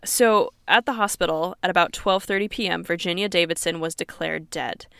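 A woman's voice: fairly low pitch, brisk, vocal fry, a bit bright, smooth, dry recording, clean studio sound. A woman hosting a podcast, telling a true crime story in an earnest, conversational way and reading quoted sources aloud. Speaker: podcast host.

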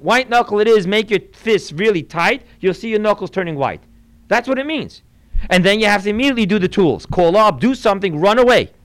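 Earnest high-voiced rabbi teaching a class. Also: male voice, clear, resonant tone, no echo, rough recording. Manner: earnest, explanatory, quoting Hebrew and Yiddish texts. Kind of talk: Torah class sermon.

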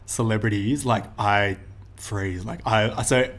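A man's voice: lowish voice, unhurried, a bit bright. Young man telling rambling stories. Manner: rambling storytelling full of fillers. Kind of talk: casual chat.

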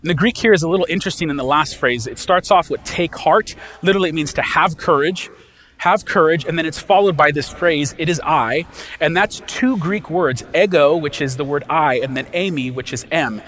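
A man's voice: on the high side, fairly quick, a bit bright. A man preaching a sermon as a pastor, talking in a conversational way and often checking in with his listeners.

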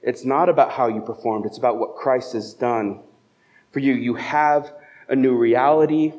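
Speaking at a moderate pace with fairly even intonation, this pastor delivers a chatty church sermon full of stories and rhetorical questions. His mid-range voice is slightly mellow, captured on muffled lo-fi audio.

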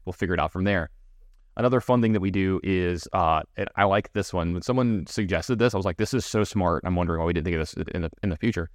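A man co-hosts a podcast, spinning a story in a relaxed chat full of fillers and restarts. His voice sits low, and the recording is dry and studio quality. He tells it fast and animatedly, with many fillers.

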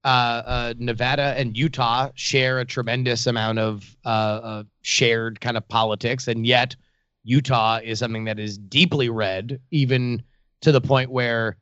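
A man's voice: mid-range voice, steady tone, measured pace, a bit bright, no echo, highs cut off. A man co-hosting a call-in radio show, explaining political history at length with many restarts. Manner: explanatory, lots of fillers and restarts. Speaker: radio co-host.

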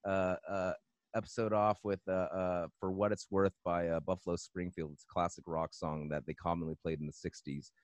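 A man's voice: low voice, flat delivery, a little fast, no echo. A man talking as a guest musician on a podcast, rambling with lots of fillers and repeated "man" and "you know". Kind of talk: casual podcast chat.

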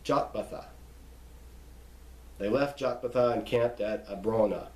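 A man's voice: lowish voice, darkish tone, echoey room, poor audio. Man teaching careful scripture pronunciation. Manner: reads name lists slowly, pausing to spell out pronunciations. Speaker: Bible reading teacher. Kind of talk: instructional reading of scripture.

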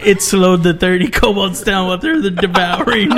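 A man's voice: high voice, very noisy. A man joking and laughing as a player in a tabletop game, with chatter behind. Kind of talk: casual game chat.

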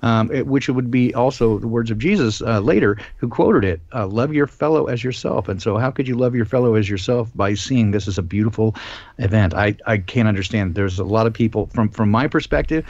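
A man's voice: on the low side, a little fast, a little mellow, no echo, highs cut off. A man hosting a casual live-stream discussion, talking with many ums and restarts. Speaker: host.

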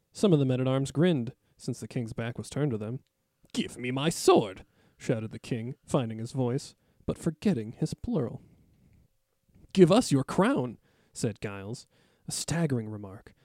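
A man co-hosting a book podcast, reading a story excerpt with dramatic, animated delivery. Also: medium pitch, no room sound, studio quality. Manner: animated reader who shouts out characters' lines.

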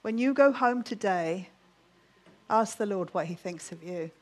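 A woman preaching to a church gathering in a lively, animated way, with ready laughter in her voice. She speaks at a middle pitch and turns soft and hushed when she moves into prayer. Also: unhurried, slight background noise. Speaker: Bible teacher. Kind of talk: sermon with closing prayer.

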